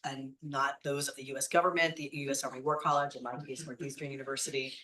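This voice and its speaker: A male panelist runs through a matter-of-fact disclaimer at a fast clip. His voice is bright and slightly high. The room echoes, and the mic is some distance away. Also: flat delivery.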